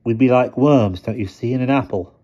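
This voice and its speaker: A man reading aloud, voicing a quiet, intense teenage boy who speaks slowly and with weight. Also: mid-range voice, highs cut off, voice pushed up, close to an everyday voice. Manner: slow, measured, intense.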